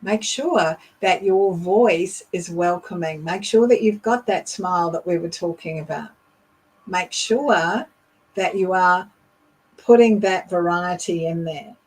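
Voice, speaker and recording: A middle-aged woman leadership coach teaching voice techniques in a deliberate, demonstrative way. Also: lowish voice, husky, poor audio. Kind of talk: instructional talk.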